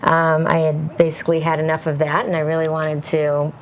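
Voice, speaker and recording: A woman's voice: deep voice, monotone, a little fast, a little hiss or hum. A woman talking casually as an interview guest, with lots of fillers and an upbeat tone. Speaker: event managing director, guest.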